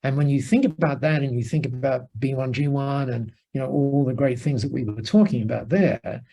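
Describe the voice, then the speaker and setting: A man with a gravelly, husky voice and a mellow, warm tone tells stories in an interview. He talks like a business mentor, animated and chatty, doubling back on himself and stopping for asides. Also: mid-range voice, a little fast, low-quality recording. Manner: animated anecdote-telling, many restarts and asides. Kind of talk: conversational storytelling interview. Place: lives in Singapore.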